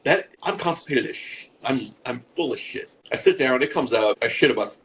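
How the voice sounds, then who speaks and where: A man's voice: mid-range voice, lively intonation, fairly quick, a bit bright, a little hiss or hum, low-quality recording. A man in his forties telling a rambling, profane comic story on a podcast, laughing at his own jokes. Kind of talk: casual comic anecdote.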